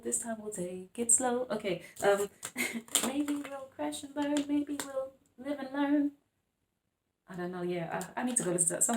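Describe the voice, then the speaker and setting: A woman's voice: mid-range voice, slight background noise. Playful chatty woman reading tarot. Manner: chatty and playful, laughing often, calling viewers babes and darling; rambling with frequent restarts. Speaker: tarot reader. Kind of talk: casual tarot reading monologue.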